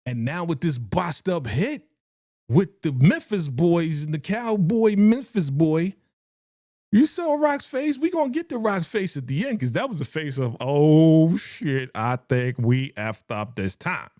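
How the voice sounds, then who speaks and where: A man, hosting a live reaction stream and talking in an animated, scene-acting way. His voice sits a bit high but sounds mellow and warm. The recording is close and dry. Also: measured pace, no room sound. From New York. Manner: animated, reads chat aloud, acts out scenes.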